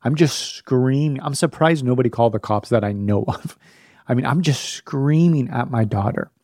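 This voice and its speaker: A man's voice: medium pitch, normal speed, a little mellow, dry recording, studio quality. A man in his thirties hosting a parenting podcast, telling a personal story candidly and laughing at himself. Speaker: podcast host. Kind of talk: storytelling talk.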